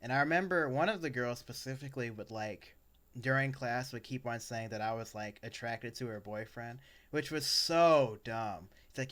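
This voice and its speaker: A man's voice: mid-range voice, moderate pace, fairly bright tone. A young adult man co-hosting a podcast, telling personal stories in a casual chat that rambles, with lots of fillers and restarts. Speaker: podcast co-host.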